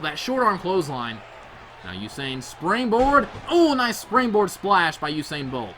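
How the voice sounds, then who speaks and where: A young man doing play-by-play commentary over a video game wrestling match, excitable and quick to shout on near-falls. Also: high-pitched, a little hiss or hum.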